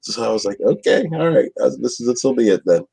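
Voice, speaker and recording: A man's voice: medium pitch, lively intonation, quick pace, gravelly, dark tone, husky, no room sound. A man chatting casually on a podcast, rambling and crude, stumbling over his words and laughing often. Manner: crude, rambling, stammers and restarts, laughs a lot. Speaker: guest on a podcast.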